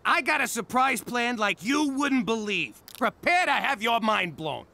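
A man voicing a lazy, wisecracking middle-aged ex-mob boss husband with a New York accent in an animated sitcom. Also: extremely high pitch, unhurried, full character voice. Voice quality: gravelly, wisecracking. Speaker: voice actor.

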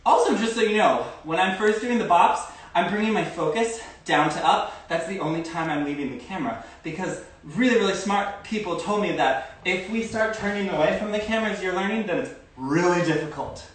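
Man, dance teacher, counting steps aloud, boomy echoey room, picked up from afar. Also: fairly quick, hardly any pauses, slight background noise. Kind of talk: live-streamed dance class. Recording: echoey room, far from phone mic.

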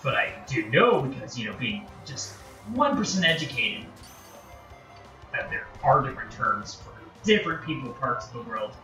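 Northern American male streamer, bright tone, rambly and self-mocking; roomy, off-mic sound with music behind. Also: mid-range voice, very animated, moderate pace, recorded from a distance. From United States. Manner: rambling, chatty, self-deprecating. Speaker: live-stream host. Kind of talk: casual chat while live-streaming a game.

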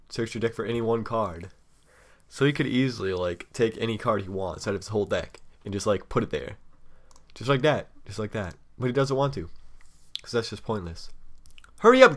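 Young male let's play host, slightly low voice, chatty, teasing and impatient with his opponent. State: eating chocolate while talking. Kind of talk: casual gaming commentary.

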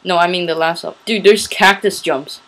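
A let's play host chatting casually while gaming, excitable and saying "dude" a lot. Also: mid-range voice, fairly quick. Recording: noisy home recording with clicks.

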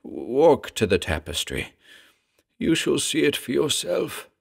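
A man's voice: mid-range voice, very animated, takes it slowly, creaky, husky, voice pushed up, full character voice. A man voicing a fevered, terrified male heir who raves wildly, then falls faint and broken. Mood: faint, spent.

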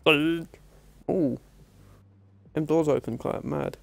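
A man casually commentating his racing game, swearing constantly and bursting into excited outbursts. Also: on the high side, slow pace, pauses often, no echo. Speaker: gameplay commentator.

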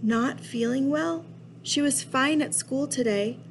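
A woman's voice: sits high, takes it slowly, a little hiss or hum, pitched above the performer's own voice. A woman reading aloud voicing an upset schoolboy who protests and pleads with his father. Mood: pleading.

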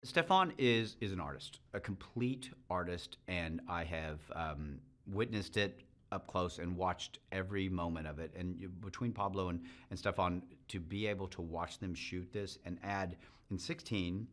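Deep-voiced guy, excited film producer soundbite. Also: moderate pace. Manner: enthusiastic, acts out quoted lines. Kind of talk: promotional interview soundbite.

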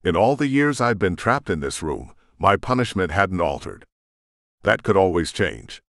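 Male audiobook narrator, deep and expressive, dark brooding read, dry close mic. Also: moderate pace, gravelly, dry recording. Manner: dramatic, brooding. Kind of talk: first-person audiobook narration.

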